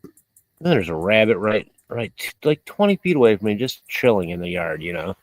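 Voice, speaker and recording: A man's voice: fairly low pitch, big pitch swings, moderate pace, no room sound. A man hosting a livestream, chatting casually and reading out viewer comments, rambling and poking fun at himself with frequent laughs. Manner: rambling and self-mocking, with frequent laughs and fillers. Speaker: livestream host.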